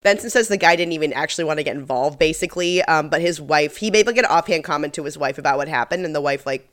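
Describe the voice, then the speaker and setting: A woman's voice: low voice, fast, fairly bright tone. A woman co-hosting a podcast, retelling episode scenes in a chatty, casual way full of "like" fillers. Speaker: podcast co-host. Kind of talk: casual recap chat.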